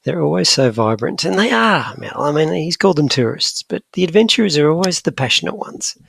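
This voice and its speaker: A man's voice: on the high side, big pitch swings, brisk, creaky, a bit bright, a little hiss or hum. A man co-hosting a podcast, chatting in a jokey, rambling way with his co-host. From Scotland. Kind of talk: casual chat.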